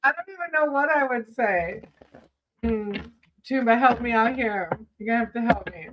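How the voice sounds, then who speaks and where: A woman's voice: on the high side, lively intonation, moderate pace, background noise. A woman hosting a casual livestream, chatting with viewers between tarot readings, giggling often and calling people sweetie.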